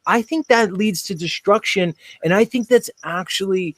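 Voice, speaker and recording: Blunt, high-voiced man hosting a heated debate. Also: normal speed, fairly bright tone, no echo. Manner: blunt and combative, swears freely. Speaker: show host.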